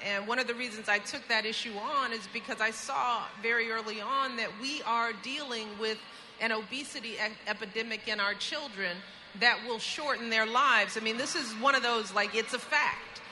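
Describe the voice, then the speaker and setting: A woman's voice: fairly high pitch, moderate pace, bright, forceful tone, slight background noise, rough recording. A woman answering interview questions on stage in an earnest, emphatic way, heard in a clip played back. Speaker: interview guest.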